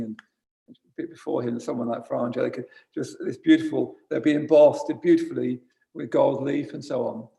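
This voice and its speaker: Gravelly man giving a dharma talk. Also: mid-range voice, mellow. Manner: conversational, wry, self-correcting asides. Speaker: Buddhist teacher. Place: retreat centre shrine room.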